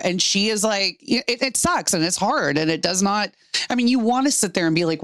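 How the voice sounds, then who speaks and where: A woman's voice: mid-range voice, expressive, a little fast, no room sound, studio quality. A woman in casual chat, emphatic and frankly encouraging.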